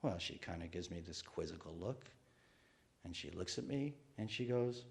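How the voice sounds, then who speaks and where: Animated wry male storyteller. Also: sits low, normal speed, gravelly, slight background noise. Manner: wry, animated, self-deprecating. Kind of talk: live personal storytelling. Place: museum stage.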